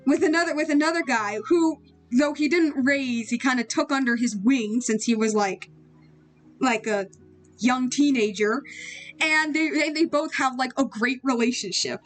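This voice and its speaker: A woman's voice: sits high, moderate pace, faint music behind. A young woman chatting casually while she draws, rambling, giggling and using slang. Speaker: artist streaming while drawing. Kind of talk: casual chat while drawing.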